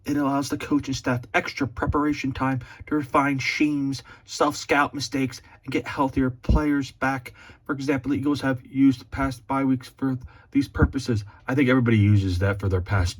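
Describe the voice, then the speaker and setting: A man's voice: medium pitch, steady tone, normal speed, slightly rough. A man on a casual vlog, reading text aloud in a rambling way with chuckles and blunt, profane asides. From Philadelphia area. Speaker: sports fan vlogger.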